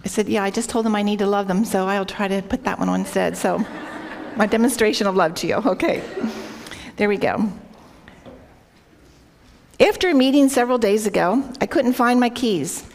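A woman with a mid-range voice and vocal fry speaks at normal speed, pausing often, with slight background noise. Addressing a women's group earnestly, she shares an anecdote and scripture in a devotional talk, frequently questioning listeners through a worn microphone.

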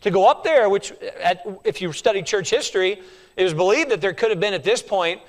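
A man's voice: sits high, animated, a little fast. A man preaching a sermon, emphatic and repetitive, putting questions to his congregation.

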